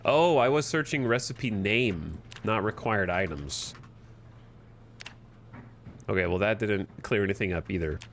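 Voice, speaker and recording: A man from the United States giving casual, animated commentary as he streams a game and argues with his chat. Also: on the low side, a little slow, long pauses, slight background noise. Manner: animated, argumentative, thinks aloud.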